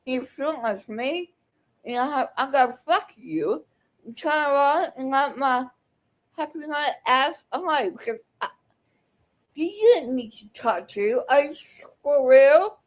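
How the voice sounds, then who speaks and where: Angry, profane woman with a high voice. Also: expressive, unhurried. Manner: heated, profane, scolding. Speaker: video commentator reacting to clips. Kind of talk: angry reaction commentary.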